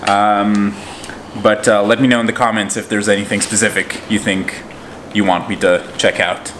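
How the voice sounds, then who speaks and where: A man's voice: fairly low pitch, little pitch movement, moderate pace, noisy background. A man from Israel with an American accent, chatting casually as host of a TV talk channel, rambling with lots of fillers. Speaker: TV show host. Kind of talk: casual chat.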